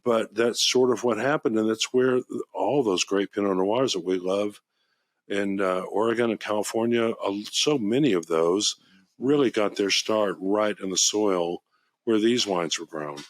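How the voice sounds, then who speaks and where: A man hosting a wine podcast in casual chat, an enthusiastic, rambling storyteller who gets excited about his subject. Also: fairly low pitch, measured pace, dry recording. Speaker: wine shop podcast host.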